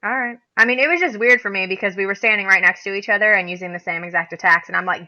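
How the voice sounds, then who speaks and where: A woman's voice: medium pitch, fast, hardly any pauses, sharp tone. A woman co-hosting a casual podcast, talking animatedly and laughing as she acts out what other players say. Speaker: podcast co-host. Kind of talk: casual chat. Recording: dull lo-fi podcast recording.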